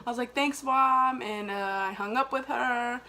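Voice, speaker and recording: A woman telling her side of a story casually to camera, relaxed and slightly groggy. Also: fairly high pitch, unhurried. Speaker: vlogger.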